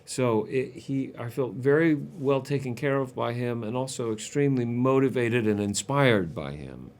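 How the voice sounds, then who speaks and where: A man's voice: medium pitch, moderate pace, darkish tone. A man speaking as an actor in a press interview, telling a story in an earnest, reflective way. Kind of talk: casual press-junket chat.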